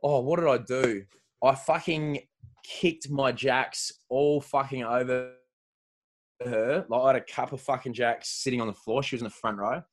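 A man's voice: medium pitch, fairly even intonation, normal speed. An Australian man in casual chat, rambling and swearing heavily, laughing often as he tells stories.

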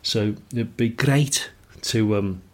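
A man's voice: lowish voice, slow. A middle-aged man from England co-hosting a podcast, talking enthusiastically in rambling casual chat. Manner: rambling, enthusiastic, many restarts. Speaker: podcast co-host.

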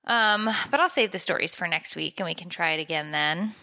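A woman co-hosting a podcast, chatting casually in a relaxed, rambling way. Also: on the low side, a little fast, no echo. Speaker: podcast co-host. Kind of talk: casual chat.

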